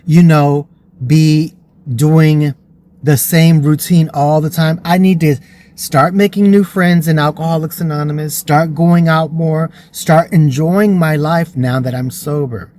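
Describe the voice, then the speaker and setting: A man's voice: a little high, fairly even intonation, a little slow, darkish tone. A man vlogging, telling a personal story in an earnest, emotional way.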